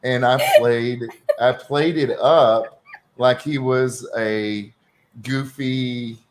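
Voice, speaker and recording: A man with a Texan accent hosting a casual stream chat, rambling with many pauses. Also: medium pitch, steady tone, a little hiss or hum. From Texas. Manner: rambling, hesitant with fillers. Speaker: stream host.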